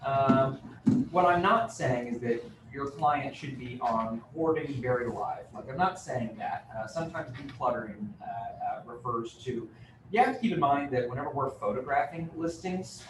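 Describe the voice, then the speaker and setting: A man's voice: medium pitch, lively intonation, moderate pace. Joking man teaching from a distant mic. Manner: conversational, joking, many fillers. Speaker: real estate trainer. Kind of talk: live training talk. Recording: roomy, distant mic with room noise.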